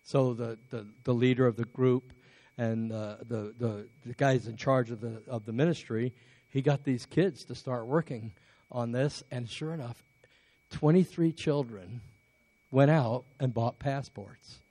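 A man's voice: medium pitch, unhurried, mellow, no echo. A man from England preaching a sermon as a pastor, telling a story with many restarts and building up to emphatic calls to persevere.

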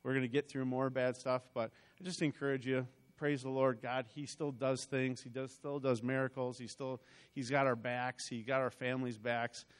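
A man stands before his church and tells his story in an everyday, chatty way, doubling back and restarting his sentences. His voice is smooth and clear, pitched in an ordinary middle range. He sounds like a middle-aged congregation member rather than a trained speaker. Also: little pitch movement, normal speed. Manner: conversational, rambling with restarts and asides. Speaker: church member giving a testimony. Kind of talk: personal testimony told as a story.

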